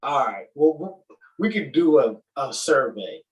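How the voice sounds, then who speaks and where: A man's voice: mid-range voice, very animated, unhurried, rough recording. A man with a Southern Atlanta accent hosting a casual podcast chat, teasing and repeating himself as he jokes. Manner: joking, teasing, repeats words. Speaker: podcast host.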